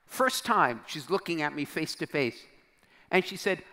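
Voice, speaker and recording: Slowly and dramatically, a bishop with a fairly high, expressive, pushed and bright male voice tells a story as a sermon to youth. He voices the quoted dialogue and falls to a near-whisper at key moments, in a big convention hall with long reverb.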